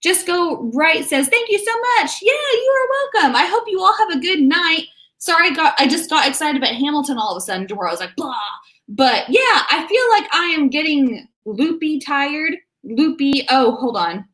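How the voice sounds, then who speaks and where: Bubbly high-voiced woman. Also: sing-song, moderate pace, hardly any pauses, fairly bright tone. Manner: bubbly, chatty, reads out viewer comments. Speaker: writing channel host. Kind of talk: casual livestream chat. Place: home room. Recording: echoey room.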